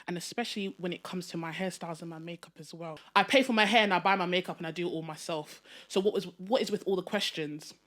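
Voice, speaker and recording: A woman hosting a casual podcast, excitable and laughing often as she chats and reads a listener's message aloud. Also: on the low side, quick pace, few pauses. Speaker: podcast host.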